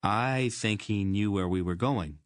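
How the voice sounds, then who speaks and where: A man's voice: lowish voice, a little slow, no room sound, studio quality, natural voice. A man voicing an earnest teenage boy who blurts his thoughts eagerly.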